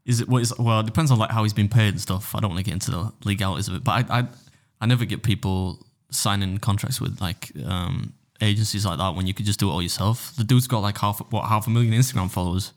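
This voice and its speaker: Fast-talking jokey young man. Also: on the low side. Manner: jokey, self-mocking asides. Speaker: podcast co-host. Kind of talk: casual chat.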